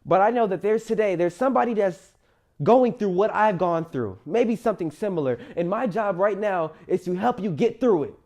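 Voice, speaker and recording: A man's voice: high-pitched, expressive, normal speed, darkish tone. A young man in college tells his own life story to camera in an earnest, emphatic, motivational way. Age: young adult.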